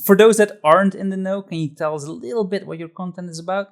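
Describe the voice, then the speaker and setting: A man's voice: sits high, fast, gravelly. A man hosting a podcast, introducing the episode and guest in a loose, friendly way with fillers. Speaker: podcast host.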